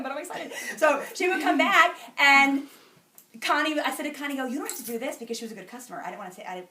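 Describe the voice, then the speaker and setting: A woman giving a motivational talk to a meeting, telling stories and acting out the dialogue. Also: medium pitch. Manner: animated storyteller, acting out dialogue. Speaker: sales director speaking at a meeting. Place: meeting room. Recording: echoey room, from a distance, faint noise.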